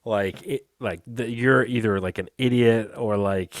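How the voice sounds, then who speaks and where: A man's voice: mid-range voice, measured pace, no echo. A man co-hosting a podcast, chiming in with wry jokes in casual chat. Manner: wry, joking interjections. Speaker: podcast co-host.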